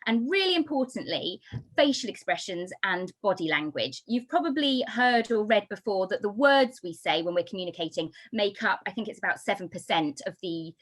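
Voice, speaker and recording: A woman from the United Kingdom giving a talk on baby sign language, explaining with lively, sing-song emphasis. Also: mid-range voice. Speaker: baby signing instructor. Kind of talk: talk to an audience.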